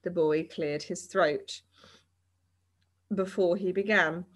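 A woman reading a children's novel aloud with expressive, animated storytelling. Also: on the low side, takes it slowly. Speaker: reader.

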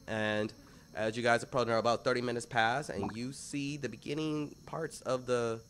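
A man's voice: medium pitch, fairly even intonation, normal speed, a bit bright, slight background noise. Casual man narrating as dungeon master. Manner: loose, rambling narration with fillers. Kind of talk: narrating a tabletop game.

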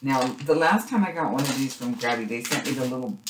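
A middle-aged woman chatting casually as she unboxes craft supplies, gushing excitedly with little gasps and cries of delight. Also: a bass voice, a little fast. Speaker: craft vlogger unboxing a subscription box. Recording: echoey room with faint noise.

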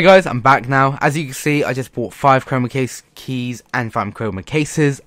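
Frustrated swearing man with a lively voice. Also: mid-range voice, no echo. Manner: frustrated, swearing, pleading with the game. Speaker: gaming YouTuber. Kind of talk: let's play commentary.

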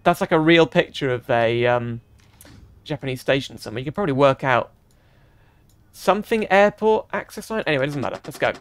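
A man's voice: medium pitch, a little fast, dry recording. Chatty man playing a train game. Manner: chatty, thinking aloud, bursts of excited exclamations. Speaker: gaming channel host. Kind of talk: let's-play commentary.

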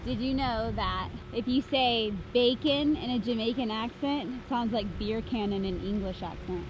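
Teasing woman with a bright, high voice. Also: normal speed. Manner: teasing, jokey. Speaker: co-host. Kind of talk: casual banter. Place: outdoor mini golf course. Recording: dull lo-fi outdoor audio with faint noise.

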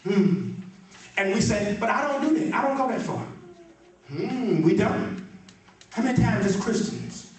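High-voiced preaching man in echoey church. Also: lively intonation, normal speed, slight background noise. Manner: call-and-response preaching, repeats phrases, rises to shouts. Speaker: pastor. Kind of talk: live church sermon. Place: church sanctuary with congregation. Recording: very echoey live church stream from far off with loud crowd. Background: congregation responding.

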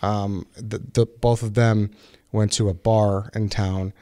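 A young man hosting a podcast, recounting a case in a relaxed, rambling way full of fillers and restarts. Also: fairly low pitch, slow pace, dry recording, clean studio sound. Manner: relaxed, filler-heavy storytelling with many restarts. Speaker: podcast host. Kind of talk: casual podcast chat.

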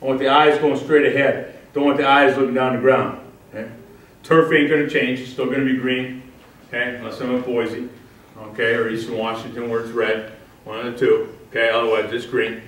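A man's voice: medium pitch, level tone, brisk, fairly bright tone. A man coaching defensive line drills, checking in with "okay?" and calling out drill cues. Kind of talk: coaching clinic demonstration. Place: indoor training facility with a wall. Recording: echoey indoor space, mic held far off.

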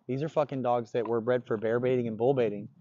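A man's voice: mid-range voice, fairly even intonation, fast, warm tone. A man working as a dog trainer, explaining his methods in blunt, casual talk with the odd swear word. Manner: blunt, profane, confident explaining. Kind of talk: casual on-the-job instruction. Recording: dull lo-fi recording.

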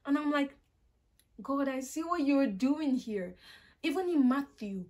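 Earnest young woman vlogger, slightly high voice. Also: animated, measured pace, a little mellow. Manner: earnest, heartfelt, quotes scripture in her own words. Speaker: accounting vlogger. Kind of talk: casual encouraging talk to camera.

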